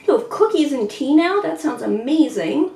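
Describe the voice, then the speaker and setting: A woman's voice: high voice, animated, normal speed, gravelly. A woman hosting a livestream while painting in her home art studio, chatting casually in a rambling, self-deprecating way. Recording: roomy room, faint background noise.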